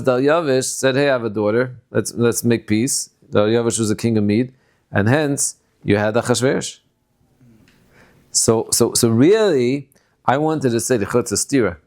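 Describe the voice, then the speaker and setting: A rabbi with a darkish tone gives a conversational Torah lecture, sprinkling in Yiddish and Hebrew terms and acting out quotes with sudden high bursts.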